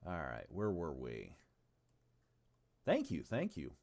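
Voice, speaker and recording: Deep-voiced man rambling on a livestream. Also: wildly swooping pitch, slow, gravelly, long pauses, darkish tone. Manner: rambling and profane, with stumbles and asides to chat. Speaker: game designer presenting his tabletop game on stream. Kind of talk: casual livestream chat.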